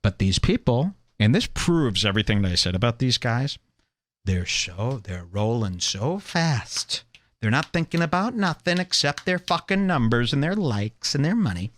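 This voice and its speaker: A young man hosting a podcast, ranting sarcastically over clips and mocking people in high put-on voices. He is from Illinois. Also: sing-song, moderate pace, a bit bright. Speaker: podcast host.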